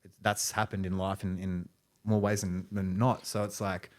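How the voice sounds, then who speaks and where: A man with a lowish voice speaks as a podcast guest. He tells his story casually, rambling and restarting phrases as he goes. His speech is dotted with "you know" and "right". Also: flat delivery, normal speed, a little mellow.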